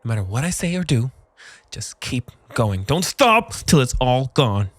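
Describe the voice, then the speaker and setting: A man's voice: mid-range voice, slow, no room sound, pitched above the performer's own voice. A man voicing a weary, terrified man in his thirties who pleads frantically. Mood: desperate.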